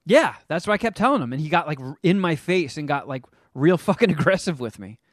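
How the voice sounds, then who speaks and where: Animated swearing man telling a story. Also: a little high, quick pace, no echo, clean studio sound. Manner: animated, profane, acts out the people he quotes. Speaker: podcast host. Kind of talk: casual chat, telling a story.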